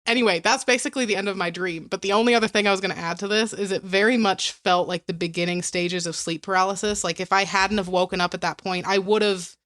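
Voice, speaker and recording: A woman's voice: medium pitch, fairly even intonation, fast, hardly any pauses, fairly bright tone. A woman co-hosting a podcast, telling a story casually and peppering it with "like" and "right?". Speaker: podcast co-host.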